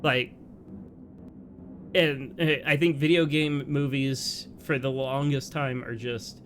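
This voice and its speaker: A man's voice: mid-range voice, slow pace, a little hiss or hum. A man co-hosting a let's play, chatting casually and laughing often, with lots of "like"s between his points. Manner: animated, laughs often, talks in bursts with many "like"s. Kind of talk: casual gameplay commentary.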